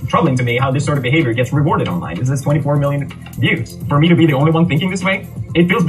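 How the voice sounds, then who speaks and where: Blunt, fast-talking male commentator. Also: a little high, expressive, distant mic, music in the background, low-quality recording. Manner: blunt, critical, sarcastic. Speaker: online commentator. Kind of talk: opinion commentary.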